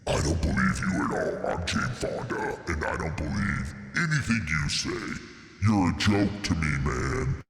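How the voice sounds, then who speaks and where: Brief: male comic doing a low, sneering older actress, lively and unimpressed. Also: a little slow, reverberant, big-room sound, full character voice. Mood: scornful.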